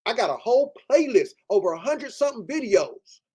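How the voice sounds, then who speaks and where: A man's voice: very high voice, sing-song, fairly quick, a little mellow, husky. A man hosting a livestream, ranting in a heated, profane, repetitive way. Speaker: livestream host. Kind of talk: livestream rant.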